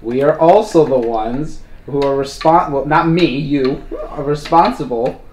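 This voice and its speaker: A man's voice: a little high, measured pace, darkish tone. A man playing a tabletop game, teasing and bantering with the others. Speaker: player. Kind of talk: casual chat at a game table. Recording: echoey room with faint noise.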